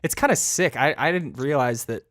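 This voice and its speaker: A young man talks in a relaxed, agreeable way, with a voice a little higher than most men's. He swears casually as he chats. The recording is dry and close. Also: normal speed, no echo. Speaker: podcast co-host. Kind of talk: casual chat.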